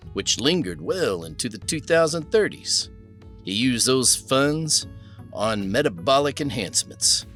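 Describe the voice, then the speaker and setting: A male audiobook narrator with a lowish, bright voice and very lively pitch that rises and falls through the sentences. Soft music plays behind him. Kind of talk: scripted narration.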